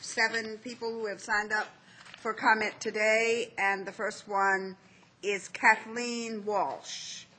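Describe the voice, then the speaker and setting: A woman chairing a public board meeting, formal and slow with frequent fillers. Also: mid-range voice, flat delivery, sharp tone, slight background noise.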